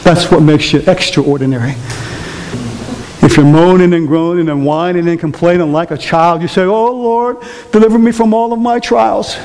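A man's voice: high voice, level tone, normal speed, a little mellow. A man preaching a sermon to his church, emphatic and rising, throwing questions at the congregation. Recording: long reverb of a church hall.

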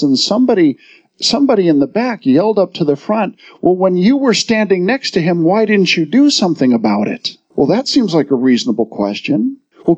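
Male pastor, somewhat high voice, folksy storyteller with humor, muffled lo-fi church recording. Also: a little mellow. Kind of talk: sermon. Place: church sanctuary.

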